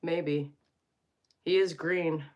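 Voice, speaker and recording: A woman's voice: sits low, steady tone, very slow, a little mellow, highs cut off. A woman in her thirties from Alberta, Canada, chatting casually and playfully to her viewers, rambling and cutting herself off. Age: 30s. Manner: rambling, playful, self-interrupting. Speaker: vlogger.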